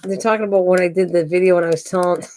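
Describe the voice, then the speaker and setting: A woman's voice: on the low side, steady tone, rapid-fire, darkish tone, slight background noise. An older woman hosting a craft channel on a live stream at home, chatting in a rambling, self-mocking way and laughing easily.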